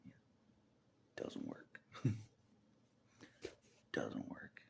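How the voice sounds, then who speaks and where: A man's voice: fairly low pitch, big pitch swings, measured pace, vocal fry. A man talking through a rambling personal monologue, chuckling often and dropping into half-whispered asides. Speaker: vlogger.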